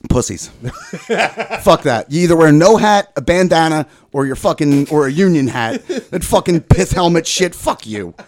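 A man's voice: a little high, lively intonation, moderate pace, a little mellow. A young adult man in casual crude chat, a profane, rambling storyteller who laughs often. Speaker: podcast guest, former mail carrier.

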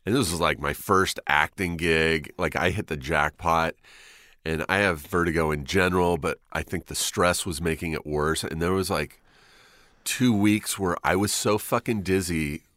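Man, very deep voice, laid-back storyteller, swears casually, dry recording. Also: moderate pace, fairly bright tone, no room sound.

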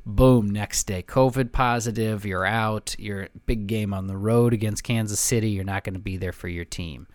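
Male co-host, lowish voice, easygoing conversational storyteller, dry recording. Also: fairly even intonation, normal speed, few pauses, no room sound. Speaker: podcast co-host. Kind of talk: casual sports chat.

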